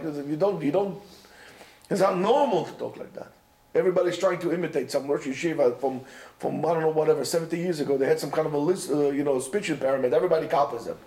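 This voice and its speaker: A man with a high voice gives an animated, informal lecture to yeshiva students, full of "you know" and "right?" and Hebrew and Yiddish words. His talk rings through an echoey lecture room. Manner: sprinkles Hebrew and Yiddish terms. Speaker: yeshiva teacher.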